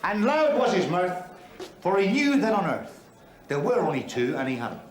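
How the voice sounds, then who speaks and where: A man's voice: high-pitched, very animated, moderate pace, very noisy. An actor playing a brash, crude male club comedian from Belfast, with a Belfast accent, telling bawdy jokes on stage. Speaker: stand-up comedian. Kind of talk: stand-up comedy performance in a TV drama. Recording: echoey club hall with laughing audience.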